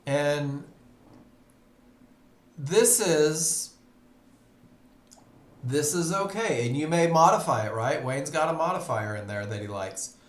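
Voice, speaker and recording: Male trading instructor, fairly high voice, unhurried delivery, echoey room, webinar mic. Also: animated. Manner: conversational, asks the audience questions. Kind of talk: live webinar teaching. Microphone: computer mic on a live webinar.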